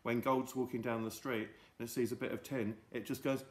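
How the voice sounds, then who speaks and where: A man hosting a silly lesson for children with a mock-grand, drawn-out delivery. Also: mid-range voice, level tone, a little mellow, roomy sound. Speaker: children's show host. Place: home.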